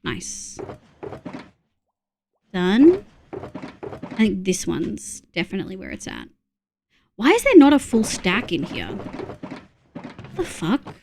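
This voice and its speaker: A woman's voice: medium pitch, wildly swooping pitch, slow pace, creaky, pauses often, darkish tone, slight background noise. A woman from Australia streaming a game, counting items under her breath between chatty asides to her viewers. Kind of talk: casual gameplay chat with chat readers.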